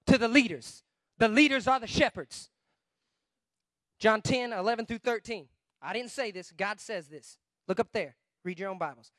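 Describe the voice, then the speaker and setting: Man preaching, very high bright voice, emphatic, shouts then drops low, dry sound. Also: moderate pace, dry recording. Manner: emphatic, swings between shouting and quiet asides. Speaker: guest preacher. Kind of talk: sermon.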